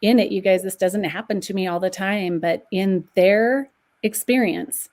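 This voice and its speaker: Animated storytelling woman. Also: medium pitch, measured pace. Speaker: guest numerologist. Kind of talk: podcast conversation.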